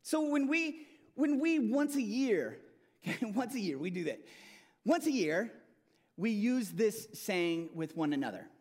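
A man preaching a sermon as pastor, emphatic and animated, often restarting and repeating words. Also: high-pitched, unhurried. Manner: animated, emphatic preaching with rising and falling intensity.

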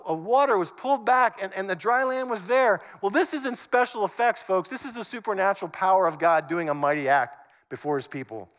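A high-pitched man preaching to his congregation with animated, conversational energy. He swings between loud emphasis and hushed asides as he acts out the text. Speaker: pastor. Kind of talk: sermon.

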